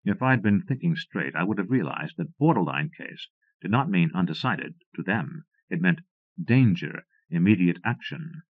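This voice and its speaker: A man with a lowish voice reads an audiobook in a measured, wry manner. The recording is narrow and muffled, like 1990s cassette tape, and completely dry. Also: animated, no room sound. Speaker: audiobook narrator. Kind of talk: audiobook reading.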